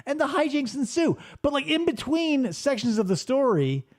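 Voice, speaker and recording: Animated joking man riffing on commercials. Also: very high voice, moderate pace. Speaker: radio show host. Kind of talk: casual comedic commentary on old commercials.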